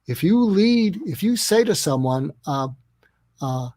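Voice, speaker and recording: A man's voice: high-pitched, big pitch swings, unhurried, warm tone, no room sound. A man speaking as an interview guest who explains ideas step by step in an earnest way, often acting out little dialogues. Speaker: guest expert on listening. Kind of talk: interview conversation.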